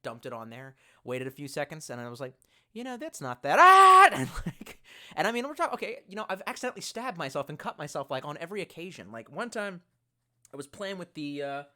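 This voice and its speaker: A man's voice: a little high, expressive, quick pace, a bit bright. A man chatting casually on a live stream, reading out chat messages in a rambling way and swearing a lot.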